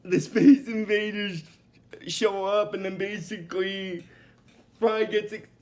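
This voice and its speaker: A man's voice: high voice, steady tone, slow, a little mellow. A man recapping a cartoon episode in a casual, rambling way, with many restarts and fillers and bursts of giggling.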